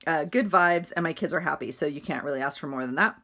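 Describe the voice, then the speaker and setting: A middle-aged woman vlogger does a casual, chatty journal walkthrough, rambling about her week and laughing often. Her voice sits low but has a fairly bright tone, and she talks fast.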